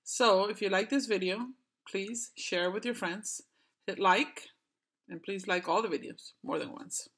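A woman's voice: mid-range voice, measured pace, fairly bright tone, breathy edge. A young woman vlogger chatting casually and playfully, giggling and squealing. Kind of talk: casual vlog chat.

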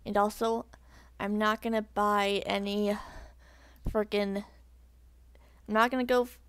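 A woman's voice: medium pitch, flat delivery, measured pace, long pauses, clean tone, no room sound. A woman hosting a reaction video, talking in a rambling, offhand way. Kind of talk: casual chat.

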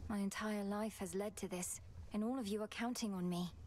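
A woman's voice: mid-range voice, steady tone, a little fast, darkish tone, a little hiss or hum, close to an everyday voice. A woman voicing an earnest, determined young witch heroine in a video game. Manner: earnest, direct. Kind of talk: voiced video game dialogue.

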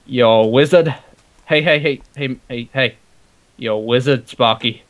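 A man's voice: mid-range voice, slow. A man playing a block-building game with a friend, rambling and giggling with lots of "like". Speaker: co-player. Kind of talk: casual gaming chat over voice call.

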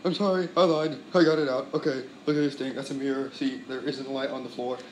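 A man vlogging a teardown in an excitable, rambling way, sweaty and worked up, full of exclamations. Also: medium pitch, quick pace, slight background noise. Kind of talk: excited casual teardown vlog.

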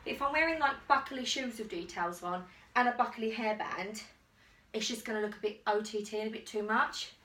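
Woman rambling happily about clothes, bright voice, sounds far from the mic in a boomy room. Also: fairly quick. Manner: chatty, rambling, enthusiastic. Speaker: fashion vlogger. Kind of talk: casual try-on haul chat. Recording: echoey room, distant mic.

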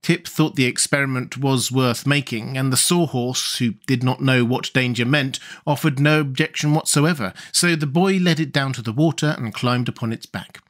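A man reading a children's fantasy storybook aloud as an audiobook narrator, measured and expressive. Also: medium pitch.

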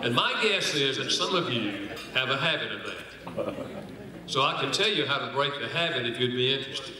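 A man giving a church seminar talk, folksy and humorous, slowing down to stress his points. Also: medium pitch, animated, crowd noise. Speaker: speaker on marriage and apology. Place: large echoing hall. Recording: very echoey hall.

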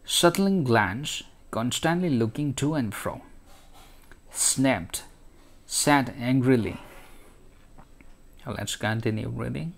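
Indian english guy teaching, reads a story real slow and steady, stops to explain words. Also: medium pitch, vocal fry. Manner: slow, deliberate reading with pauses to explain. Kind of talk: reading a story aloud in a lesson.

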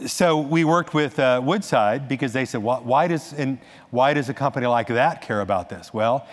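Here a man addresses a conference audience in a lively way, his talk peppered with false starts and brief digressions. He speaks at mid pitch, with the lingering echo of a big hall around him.

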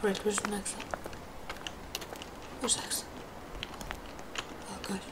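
A woman with a medium-pitched, monotone voice comments slowly as she plays a horror game on stream. Despite that, she is easily spooked and exclaims often, with noticeable background noise in the audio.

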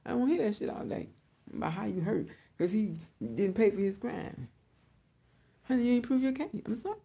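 A woman's voice: mid-range voice, lively intonation, moderate pace, vocal fry, warm tone, slightly rough. A woman hosting her own online show, giving a blunt, profane opinion monologue and repeating her points.

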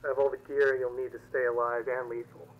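A gruff mercenary quartermaster, voiced by a man in a video game, with a medium-pitched voice. He talks in a brisk, businesslike way, pitching his gear like a seasoned trader. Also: flat delivery, narrow, tinny audio, close to an everyday voice. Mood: matter-of-fact.

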